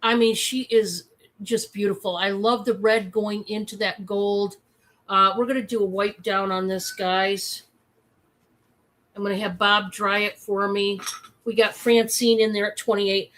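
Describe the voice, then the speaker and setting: Lady selling stuff on a live stream, slow easy talk, gets all excited, lots of ums. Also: mid-range voice. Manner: chatty and excitable, many fillers. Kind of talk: casual live-stream sales chat.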